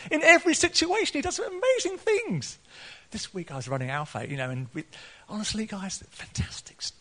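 A pastor preaches earnestly, his slightly high voice shooting up whenever he gets excited. He laughs often between points and stays open and personal throughout the sermon.

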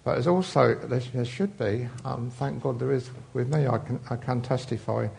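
Guy preaching, gravelly voice, rambly and chatty, lots of ums. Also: medium pitch, normal speed, a little mellow. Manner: chatty, rambling, with many fillers and asides. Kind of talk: informal sermon.

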